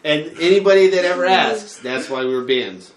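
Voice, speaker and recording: A man's voice: on the high side, animated, normal speed. Guy on a gaming podcast, crude joker, swears constantly, echoey room with a bit of hiss. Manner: crude, joking, swears a lot. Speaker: podcast co-host. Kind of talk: casual podcast chat.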